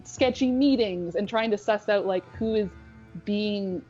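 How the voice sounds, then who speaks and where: A woman's voice: mid-range voice, measured pace, mellow, highs cut off, faint music behind. A woman playing a tabletop game, talking casually and hedging her words. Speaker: player. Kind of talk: tabletop role-play.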